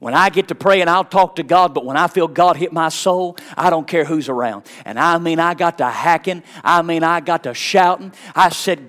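A middle-aged man, a pastor preaching a sermon with personal stories, fervent and swinging from hushed tones to shouts. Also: on the high side, moderate pace, few pauses. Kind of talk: sermon with storytelling.

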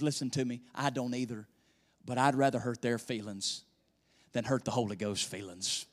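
A male pastor preaching a sermon in a church, swinging between loud emphasis and hushed near-whispers. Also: mid-range voice, normal speed. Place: church sanctuary. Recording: echoey church hall reverb.

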